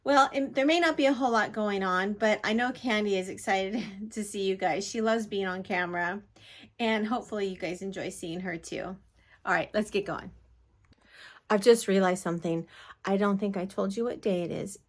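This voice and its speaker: A middle-aged woman vlogs casually into a handheld phone held at arm's length, her voice medium in pitch and moderate in pace. She rambles and apologizes while venting about an irritating episode.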